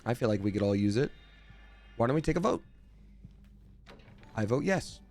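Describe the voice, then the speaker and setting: A man's voice: medium pitch, lively intonation, normal speed, a little mellow, soft background music. A man giving live gameplay commentary as a streamer, chatty and jokey, thanking viewers from chat as he plays.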